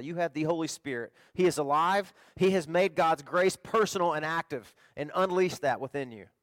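A middle-aged man preaching a sermon in a folksy, conversational way, swinging between loud emphasis and quiet storytelling. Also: fairly high pitch, no room sound. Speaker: pastor.

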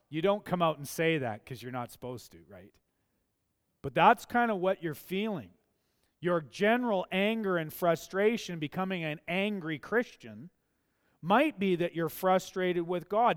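A man's voice: sits high, expressive, unhurried, clean tone, big-room sound. A man preaching a sermon as a pastor, speaking with impassioned emphasis in a church. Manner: impassioned, rising to emphatic pleas.

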